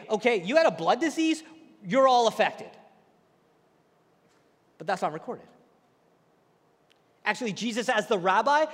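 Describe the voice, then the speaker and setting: A man preaching a sermon, retelling a story with lively, acted-out quotes. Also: high voice, in a large hall.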